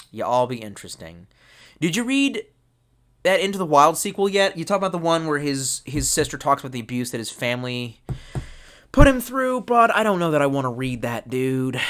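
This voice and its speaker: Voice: medium pitch, fairly bright tone. A tipsy livestream host rambling casually from a desk at home, loose and heavy on swearing. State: tipsy from drinking. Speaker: livestream host reading chat. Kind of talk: casual rambling live chat.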